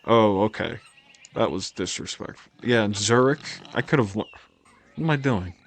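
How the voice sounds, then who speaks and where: A man's voice: lowish voice, animated, normal speed, slight background noise. A man streaming a video game, rambling and self-mocking in casual commentary, swearing now and then. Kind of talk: casual let's-play commentary.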